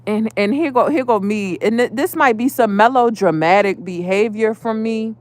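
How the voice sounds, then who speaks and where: A woman venting casually about a neighbor, animated and profane. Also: fairly high pitch, moderate pace, no room sound. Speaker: vlogger. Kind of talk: casual storytime rant.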